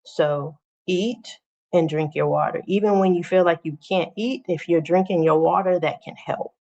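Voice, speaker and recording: Lowish voiced woman chatting on her livestream, repeats stuff for emphasis, kinda muffled audio. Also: fairly even intonation, normal speed, a little mellow. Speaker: teacher and livestream host. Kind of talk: casual livestream chat.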